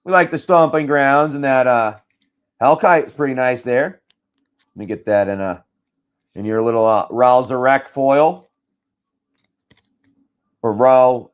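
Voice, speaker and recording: A man hosting a live card-pack stream, chatting casually, telling a story with quoted lines, swearing freely and talking loudly. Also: mid-range voice. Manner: loud, swears freely, tells stories with quoted dialogue. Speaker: live card-break seller. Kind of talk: casual chat while opening card packs.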